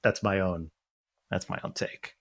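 Joking deep-voiced male podcast host. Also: steady tone, measured pace, gravelly. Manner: joking, self-deprecating, repeats himself. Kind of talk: casual chat.

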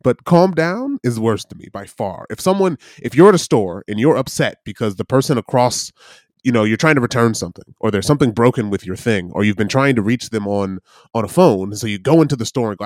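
Podcast co-host, man, mid-pitched voice with lively ups and downs, playful, laughs often, dry sound. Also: brisk, no room sound. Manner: playful, laughing, mimics people. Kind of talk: casual podcast chat.

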